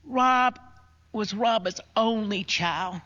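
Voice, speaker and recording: An older woman tells a family story of loss, unhurried and heavy with feeling. She sinks to a hushed voice for the hardest words. The recording sounds dull and a little muffled. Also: medium pitch. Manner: slow, emotional retelling with soft hushed quotes. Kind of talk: personal storytelling.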